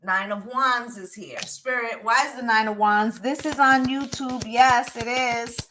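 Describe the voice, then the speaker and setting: Woman tarot reader, higher voice, emphatic, profane, keeps asking "right?". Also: a little slow, noisy background. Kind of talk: casual spoken tarot reading.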